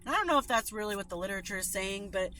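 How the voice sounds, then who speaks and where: A woman's voice: mid-range voice, lively intonation, rapid-fire, bright, forceful tone, a little hiss or hum. A middle-aged woman reading a daily recovery meditation aloud, then reflecting in an earnest, informal way with fillers. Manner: earnest, informal, with fillers in her own remarks. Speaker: recovery meeting reader.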